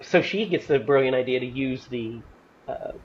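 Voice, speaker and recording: A man hosting a casual movie discussion, animated and profane, acting out lines from scenes as he talks. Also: mid-range voice, normal speed. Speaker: podcast host. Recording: slightly dull audio with faint noise.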